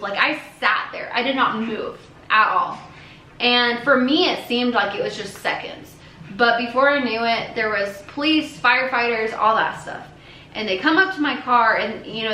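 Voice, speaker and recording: Bright-voiced young woman telling a story. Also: on the high side, slight background noise. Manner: earnest, many fillers and restarts. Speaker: family vlogger. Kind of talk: casual storytelling to camera. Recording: echoey room with faint ambience.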